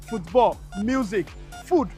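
A woman giving scripted documentary narration in a measured, storytelling way. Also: a little high, expressive, warm tone. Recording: faint music behind. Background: faint music.

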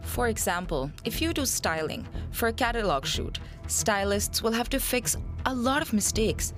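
A woman stylist explaining her work in a plain, matter-of-fact way. Clear music plays behind her voice. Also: on the high side, lively intonation, normal speed. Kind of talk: interview.

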